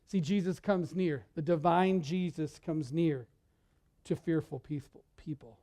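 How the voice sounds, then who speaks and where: A male pastor preaching a sermon in a church, talking in a conversational, animated way and often repeating words as he goes. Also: fairly high pitch, unhurried.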